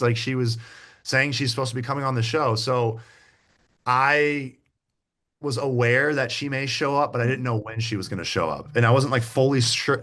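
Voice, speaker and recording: A man's voice: medium pitch, fairly quick, fairly bright tone. A man in his thirties, a podcast guest, telling a long story in a loose, rambling way with many restarts. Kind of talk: casual interview chat.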